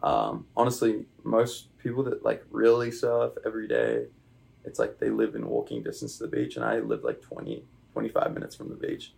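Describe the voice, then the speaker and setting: A young man with an Australian accent chatting casually as a podcast guest, relaxed and rambling with plenty of fillers. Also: on the low side, normal speed, creaky, breathy edge. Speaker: guest, baseball player. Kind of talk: casual interview chat. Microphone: podcast microphone.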